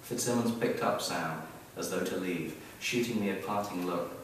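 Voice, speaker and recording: Deep-voiced man reading his story aloud. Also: moderate pace, slight background noise. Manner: wry, expressive storytelling. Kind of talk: live literary reading. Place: event hall, heard from the audience area. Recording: very echoey hall, mic far off.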